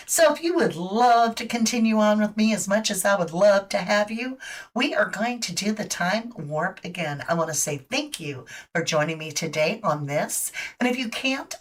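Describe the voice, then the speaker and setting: A woman's voice: mid-range voice, expressive, moderate pace, recorded from a distance. Chatty woman hosting a tarot live stream. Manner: chatty, warm toward viewers, speculative. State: hiccuping. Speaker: host and tarot reader.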